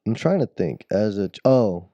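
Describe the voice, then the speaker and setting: A man with a low, mellow voice tells a long, rambling childhood story in casual podcast chat. He restarts his sentences often and laughs at his own tale. The recording is close and dry. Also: animated, normal speed, dry recording, dull audio. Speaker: podcast co-host.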